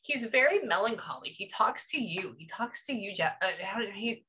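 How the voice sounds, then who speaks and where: A woman working as a medium, talking excitedly and thinking out loud during a live session with clients. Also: medium pitch, moderate pace. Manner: excitable, chatty, thinks aloud.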